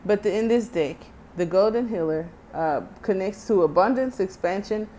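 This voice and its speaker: A woman's voice: mid-range voice, moderate pace, warm tone. A woman in her thirties with a Texan accent gives a laid-back tarot reading, wandering off into chatty, joking asides. Her voice sits in a middling range, and a faint hiss runs under it the whole time. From Texas. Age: 30s. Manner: chatty, joking asides, reads card text aloud. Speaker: tarot reader. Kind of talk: casual tarot card reading.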